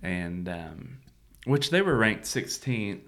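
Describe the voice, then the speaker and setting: A man's voice: fairly low pitch, very animated, takes it slowly, a bit bright. A man co-hosting a church podcast, chatting casually and laughing often. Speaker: podcast co-host. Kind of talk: casual chat.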